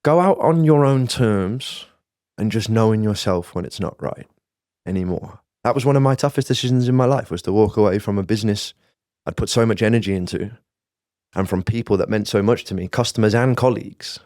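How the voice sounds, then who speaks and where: A man's voice: lowish voice, a little fast, a little mellow, no echo, studio quality. A man with a Worcester English accent, a guest entrepreneur talking casually and giving plain-spoken advice, often ending with tag questions. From Worcester, England. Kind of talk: casual podcast conversation.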